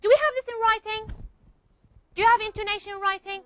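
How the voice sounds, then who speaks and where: Speaking fast in a very high-pitched, steady, pushed and bright voice, a woman lectures a university linguistics class, going step by step and checking on her students. The classroom recording is echo-free, lo-fi and slightly muffled.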